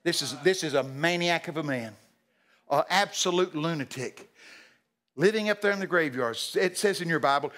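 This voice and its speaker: A man preaching a lively sermon at a church service. His voice sits a little high and rings bright and forceful. He jokes with the congregation and bursts into shouted acted-out lines. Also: moderate pace. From Texas.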